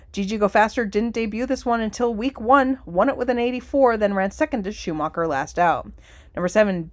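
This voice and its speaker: A woman's voice: mid-range voice, dry recording. A woman hosting a show and calling horse races, rattling off the running order of the field, chatting and joking between races. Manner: rapid running call of horse positions. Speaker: race caller and show host. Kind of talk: horse race commentary.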